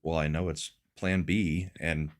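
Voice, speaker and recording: A man with a very deep voice hosts a livestreamed talk show in casual banter. He teases his co-hosts with dry, deadpan insults. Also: unhurried.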